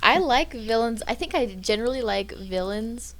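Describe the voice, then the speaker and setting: A woman's voice: a little high, lively intonation, normal speed, a bit bright. Giggly woman guest, faint hiss. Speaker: podcast guest. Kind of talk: casual chat.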